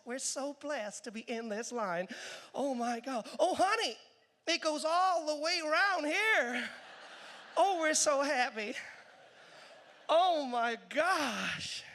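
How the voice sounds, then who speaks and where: A man playing an over-excited American tourist on a cruise ship, speaking in an American accent with breathless, over-the-top enthusiasm. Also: very high voice, unhurried, long reverb tail, exaggerated voice. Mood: gushing.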